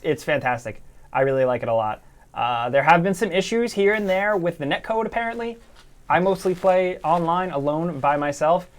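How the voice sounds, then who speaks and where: A man co-hosting a casual gaming livestream, rambling loosely with lots of fillers as he reads out viewer messages. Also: a little high. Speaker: co-host of a gaming news stream.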